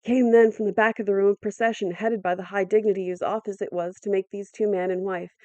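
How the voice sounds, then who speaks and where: A woman narrating an audiobook in a measured, dramatic storytelling manner. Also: mid-range voice, fairly even intonation, a little mellow, dry recording. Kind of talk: audiobook reading.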